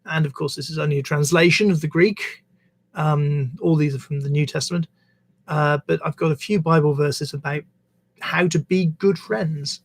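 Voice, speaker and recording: A man hosting a live poetry stream, reading scripture and verse aloud with measured phrasing and slipping into self-deprecating, apologetic asides between readings. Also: a little high, fairly even intonation.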